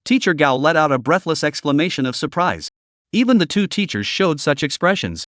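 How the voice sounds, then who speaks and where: Guy narrating a story recap, kinda high voice, steady stiff reading, dry close sound. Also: brisk, dry recording.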